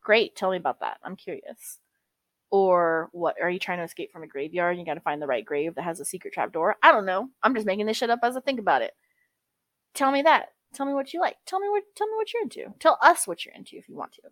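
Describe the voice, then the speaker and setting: A woman's voice: fairly low pitch, animated, quick pace, a bit bright, no echo. A woman co-hosting a podcast in casual chat, talkative and profane, calling everyone girl. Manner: chatty, swears freely, calls everyone girl. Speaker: podcast co-host.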